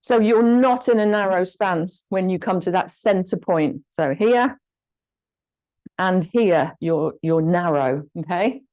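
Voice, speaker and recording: Slow, encouraging woman leading an exercise class. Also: fairly low pitch, expressive, a little mellow, poor audio. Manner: slow, encouraging cues with short counted commands. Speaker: fitness instructor.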